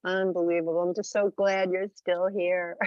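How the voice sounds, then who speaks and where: A woman's voice: fairly low pitch, flat delivery, normal speed, a little mellow, dry recording, muffled recording. A woman speaking in an emotional, rambling tribute over a video call, tearful and full of fillers. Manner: gushing, rambling with many fillers. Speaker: friend calling in.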